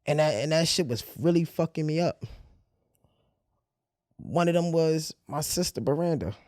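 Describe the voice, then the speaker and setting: A man's voice: fairly high pitch, a little mellow, dry recording, studio quality. Raw-talking man telling a personal story. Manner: raw, candid, profane street slang; halting restarts when emotional. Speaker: podcast host.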